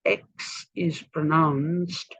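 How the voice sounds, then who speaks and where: A man from India lecturing a class in a slow, deliberate way, spelling words out letter by letter. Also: a little high, steady tone, sharp tone, breathy edge, dry recording, rough recording.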